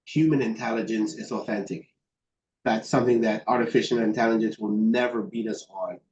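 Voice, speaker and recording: Low-voiced man in a roomy, dull recording. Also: fairly quick, a little mellow. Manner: thoughtful, many fillers and restarts. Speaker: guest expert. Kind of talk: interview answers. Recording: roomy, dull sound with faint background noise.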